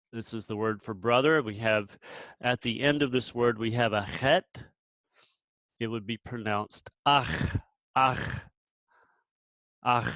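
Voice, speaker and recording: A man's voice: mid-range voice, no echo, rough recording. Patient male Hebrew tutor, dry close sound. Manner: patient, relaxed, repeats sounds slowly for learners. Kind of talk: explaining with pauses and restarts.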